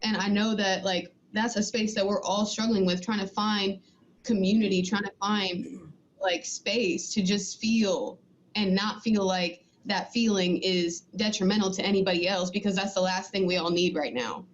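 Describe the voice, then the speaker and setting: A woman's voice: mid-range voice, steady tone, normal speed, lo-fi sound. A woman speaking reflectively and conversationally as a panelist in a discussion over a video call.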